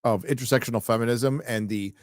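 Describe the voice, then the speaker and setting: A man's voice: medium pitch, steady tone, quick pace, no echo, clean studio sound. A man hosting a casual live stream, reading viewer comments and ranting with lots of swearing and sarcastic asides.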